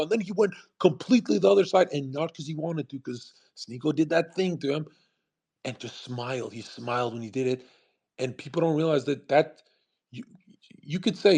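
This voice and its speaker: A man's voice: a little high, fairly quick, a little mellow, husky. A man hosting a show, talking in a rambling, profane, emphatic monologue that often restarts mid-sentence. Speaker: host. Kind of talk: casual monologue commentary.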